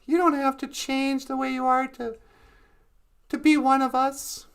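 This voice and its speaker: A woman doing a gentle vampire big sister. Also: high voice, measured pace. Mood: tender. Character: protective vampire big sister, calm and tender.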